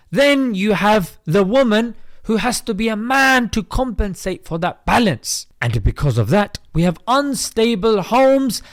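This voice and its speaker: A man's voice: high-pitched, very animated, unhurried, no room sound, clean studio sound. A British man hosting an opinion commentary vlog, preachy and chatty, calling his viewers mate. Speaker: host.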